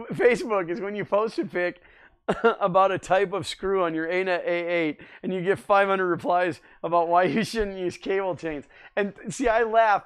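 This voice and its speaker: A man's voice: sits high, clean tone. A man in his forties hosting a casual live stream, rambling and chatting as he answers viewers' comments. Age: 40s. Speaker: livestream host.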